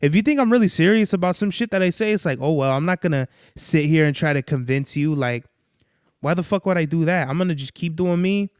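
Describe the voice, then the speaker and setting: High-voiced rambling profane young man. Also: fairly quick, smooth, dry recording, studio quality. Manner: rambling, profane, loses his train of thought. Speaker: podcast host. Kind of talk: casual monologue.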